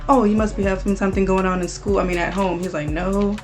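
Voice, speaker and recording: A woman's voice: medium pitch, flat delivery, fast, faint music behind. A woman co-hosting an anime review, retelling the plot hesitantly with many fillers. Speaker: co-host. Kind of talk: casual recap chat.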